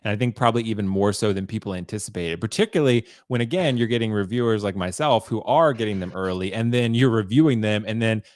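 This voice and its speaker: A man hosts a casual podcast, talking quickly in a low voice. He hedges a lot, and the recording is dry and close with no room sound. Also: no room sound. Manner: measured, hedging, lots of "I don't know". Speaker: host.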